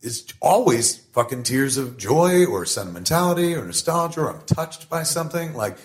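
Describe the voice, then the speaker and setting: Middle-aged guy chatting on a podcast, swears a lot, gets worked up and animated telling stories, medium pitched voice. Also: moderate pace. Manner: animated, profane storytelling. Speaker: guest. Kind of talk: casual podcast conversation.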